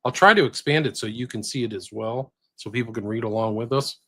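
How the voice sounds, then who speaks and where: A man's voice: medium pitch, brisk, a bit bright, husky. A man hosting a podcast, chatting casually and giving listeners plain directions. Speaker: podcast host.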